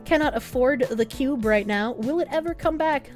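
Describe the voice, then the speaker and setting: Over soft background music, a female streamer whose voice sits high and a little mellow talks at a moderate pace. She casually thanks viewers for donations and reads them out, cracking crude jokes and swearing freely.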